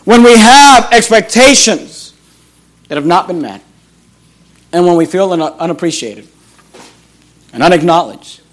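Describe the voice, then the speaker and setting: A man with a very high voice preaches a sermon as pastor. He is emphatic, repeats his phrases and acts out the voices in the scripture. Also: expressive, measured pace, pauses often.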